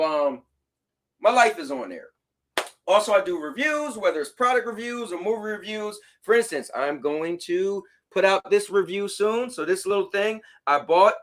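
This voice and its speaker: Guy with a pretty high voice doing his stream, reading chat, shouting people out. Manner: reads chat messages aloud and gives shout-outs; animated, talks to his dog. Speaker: livestream host. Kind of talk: casual livestream chat.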